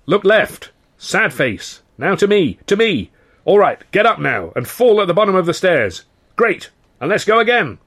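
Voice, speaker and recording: A man's voice: sits high, big pitch swings, moderate pace, husky, voice pushed up, exaggerated voice. A man doing a bellowing film director. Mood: shouting. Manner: barked shouted orders. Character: shouting male film director on a noisy set.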